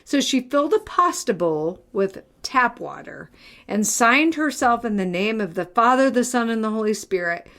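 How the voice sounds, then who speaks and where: A woman's voice: on the high side, animated, normal speed, fairly bright tone. Chatty woman reading aloud with asides. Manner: reads aloud with joking asides and laughs. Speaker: podcast co-host. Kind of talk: casual chat, reading an article aloud.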